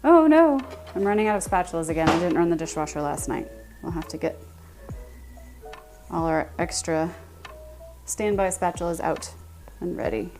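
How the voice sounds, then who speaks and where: A woman's voice: fairly low pitch, fairly even intonation, moderate pace, long pauses, a little mellow, faint music behind. Chatty woman baking on a livestream. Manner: chatty, reads and answers chat aloud, laughs often. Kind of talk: casual live-stream chat while baking. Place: home kitchen.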